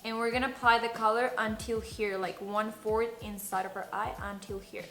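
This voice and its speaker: With a fairly high, slightly bright voice, level tone and moderate pace, a Spanish-accented beauty vlogger, a native Spanish speaker, chats giggly and casual while doing a makeup tutorial. She swears freely, and the room echoes under faint music.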